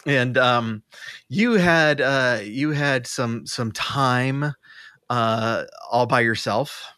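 Bright-voiced man rambling on a podcast. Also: mid-range voice, very slow, clear, resonant tone, no room sound, studio quality. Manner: rambling, many restarts and fillers, laughing often. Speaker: podcast co-host. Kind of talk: casual chat. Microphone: remote call mic.

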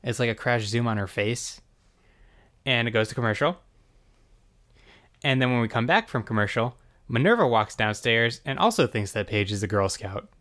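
A man's voice: mid-range voice, a bit bright. A man casually recapping a TV episode with wry jokes, quoting the lines as he goes. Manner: wry, chatty, jumps into quick quoted voices. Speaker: podcast host recapping a TV episode.

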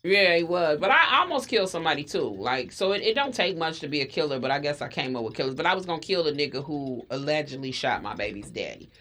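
A woman's voice: low voice, very animated, quick pace, few pauses, a bit bright. A woman in casual conversation, telling her own life story in a blunt, profane way and often restarting her sentences. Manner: blunt, profane, repeats words as she restarts.

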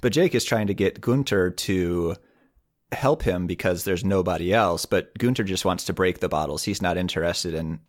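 Low-voiced man explaining in casual chat. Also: moderate pace. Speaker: podcast co-host. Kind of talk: casual episode recap chat.

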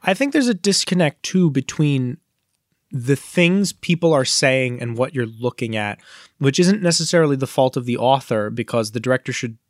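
Male podcast co-host, mid pitch, dry close mic, lively nerdy rambling. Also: no room sound. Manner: animated, nerdy explaining with quick asides. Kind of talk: casual chat.

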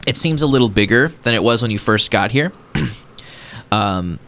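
Low-voiced man narrating as game master. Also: expressive, normal speed, a bit bright. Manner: hesitant, full of fillers.

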